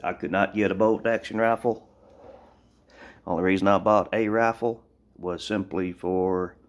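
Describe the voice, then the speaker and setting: Man from Tennessee, very low voice, plainspoken vlogger filming on a phone, rambling and blunt. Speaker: gun owner vlogger. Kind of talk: casual show-and-tell gun review.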